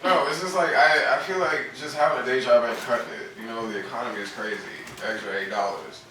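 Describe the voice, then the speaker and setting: A man's voice: mid-range voice, quick pace. Man doing stand-up in an echoey club. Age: 30s. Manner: animated, punchy delivery with crude jokes. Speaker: stand-up comedian. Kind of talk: stand-up comedy set. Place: comedy club stage. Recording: noisy distant club recording with loud hall echo. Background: audience laughter.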